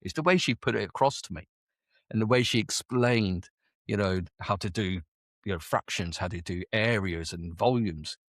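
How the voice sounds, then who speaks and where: A man's voice: fairly low pitch, normal speed, fairly bright tone, no room sound, studio quality. A man in his forties from the United Kingdom, an army veteran telling his story in a casual interview, chatty and full of quoted dialogue. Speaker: army veteran and business owner.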